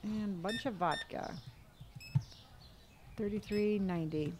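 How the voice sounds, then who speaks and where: Speaking slowly with long pauses, this woman has a mid-range voice, and there's noise behind her. She's live-streaming a game, chatting easily, thanking people for gifts, fielding chat questions, and quietly humming or counting money while playing.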